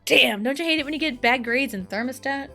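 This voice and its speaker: A woman's voice: high-pitched, a little fast, gravelly, sharp tone, faint music behind. A woman in her thirties streaming a game, chatting casually in a rambling, exasperated way with lots of fillers. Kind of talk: casual chat while gaming.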